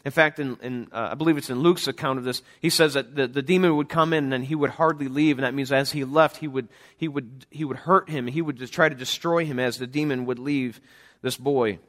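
A man's voice: medium pitch, steady tone, a little fast, a bit bright. Earnest male preacher, plain mid voice. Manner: earnest preaching with frequent restarts and scripture readings. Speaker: pastor; father of a young son. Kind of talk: sermon.

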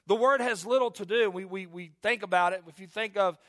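This pastor, a man in his forties, speaks in a high, brisk voice on a dry recording. His church sermon is earnest and conversational, and he often restarts and repeats phrases.

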